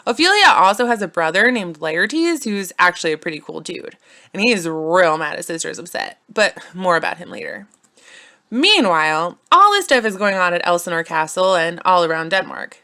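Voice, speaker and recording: A woman's voice: on the low side, sing-song, normal speed, pushed and bright. A young woman narrating a playful, silly retelling of a classic story, with casual slangy asides.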